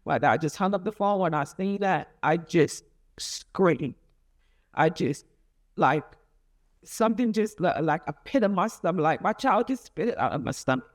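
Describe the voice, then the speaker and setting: A middle-aged mother whose son was convicted gives an emotional account in an interview, rambling and halting with many restarts as her delivery rises and falls with feeling. Her voice is lowish with lively intonation.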